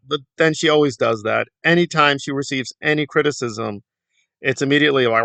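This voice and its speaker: A man's voice: medium pitch, steady tone, a little fast, vocal fry, sharp tone, dry recording. A man hosting a commentary channel, talking in a sarcastic, mocking and indignant way about online drama.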